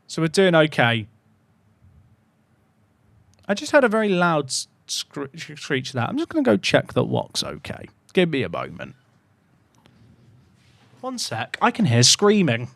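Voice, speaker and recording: A man's voice: a little high, wildly swooping pitch, a little slow, creaky, pauses often, a bit bright, no echo. A man live-streaming and chatting casually, rambling and cutting himself off mid-word, cooing at his puppy between remarks. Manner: rambling, chatty, self-interrupting; coos affectionately at his puppy.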